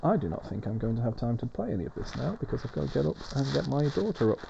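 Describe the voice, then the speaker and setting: Man, game commentary, wry rambling chat, very dark tone, dull lo-fi sound. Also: medium pitch, very animated, fast, vocal fry, slight background noise. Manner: rambling, wry and chatty, swearing now and then. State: soothing a baby while he talks. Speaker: gaming video host.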